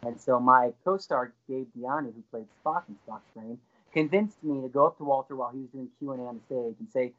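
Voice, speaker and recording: A man's voice: fairly high pitch, a little fast. A man, an actor and co-author, telling enthusiastic stories as an interview guest. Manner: lively, enthusiastic storyteller. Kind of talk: storytelling interview. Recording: dull lo-fi recording.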